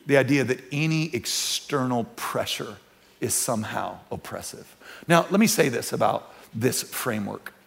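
A man preaching a sermon in a church, talking conversationally with repeats and restarts, dropping to hushed tones and rising to loud emphatic peaks. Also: mid-range voice, gravelly. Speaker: pastor. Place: church sanctuary.

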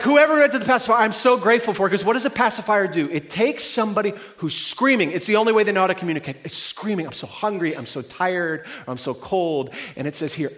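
High-voiced man preaching a sermon. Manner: swings between loud emphatic stretches and soft hushed reassurance; conversational and joking. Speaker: pastor.

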